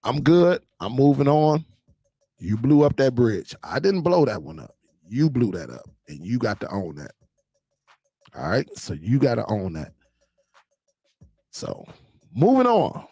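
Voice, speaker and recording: A man's voice: mid-range voice, big pitch swings, measured pace, vocal fry, long pauses, warm tone, slightly rough, no echo, faint music behind. A man hosting a casual live-stream show, talking loosely to his viewers and laughing often.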